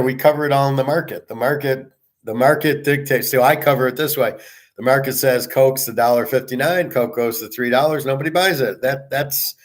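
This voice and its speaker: A middle-aged man hosting a betting show, ranting bluntly and profanely in a loose monologue that keeps restarting. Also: medium pitch. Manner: profane, blunt, repeats himself. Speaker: sports betting show host.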